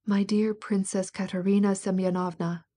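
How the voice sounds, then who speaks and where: A scheming older prince, impatient and insistent, pressing his point with smooth coaxing, as a woman narrator reads him. The voice stays mellow and warm. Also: mid-range voice, little pitch movement, normal speed, lightly acted.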